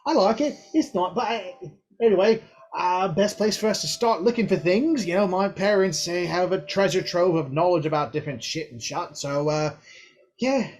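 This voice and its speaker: A man voicing a young female high elf who chatters in a flustered, rambling way. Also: moderate pace, close to an everyday voice. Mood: chipper.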